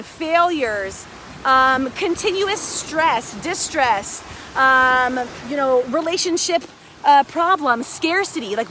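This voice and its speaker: A woman hosting a casual motivational live stream outdoors on a beach, filmed on a phone, chatty and excitable, a little out of breath. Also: high voice. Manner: chatty, excitable, greets viewers by name. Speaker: live video host. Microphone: phone held by a friend. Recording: faint surf noise outdoors.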